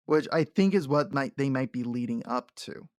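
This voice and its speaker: A man co-hosting a casual podcast who laughs often and acts out quotes from the show in animated bursts. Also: mid-range voice, moderate pace, dry recording, clean studio sound. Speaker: podcast co-host. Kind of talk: casual chat.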